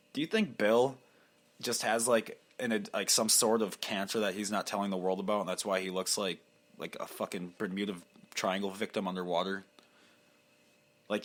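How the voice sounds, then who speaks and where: A man's voice: fairly low pitch, fairly bright tone. A young man hosting a solo podcast, rambling crudely with lots of swearing and laughter, slipping into mocking impressions. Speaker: podcast host.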